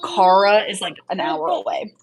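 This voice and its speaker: A woman's voice: mid-range voice, sing-song, normal speed, a crowd in the background, poor audio. Chatty woman answering livestream questions. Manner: chatty, frank, lots of fillers. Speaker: livestream host, rabbit breeder. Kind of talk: casual livestream chat answering viewer questions.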